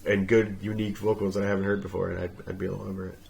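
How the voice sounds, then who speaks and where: A man's voice: low-pitched, flat delivery, very fast, creaky, a little mellow, slight background noise. A young man from the United States co-hosting a podcast in casual, joking chat, who sometimes slips into mock accents. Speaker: podcast co-host.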